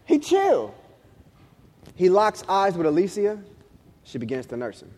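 A pastor in his thirties preaches with a fairly high voice for a man, and his words ring out with a long reverb in a large church hall. He tells a story in lively street slang, acting out the voices of the people in it. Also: moderate pace, slight background noise. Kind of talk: sermon.

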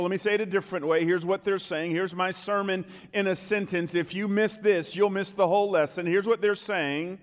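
A middle-aged male pastor preaching a sermon, slowing down and rising in pitch to stress his key lines. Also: steady tone, in a large hall.

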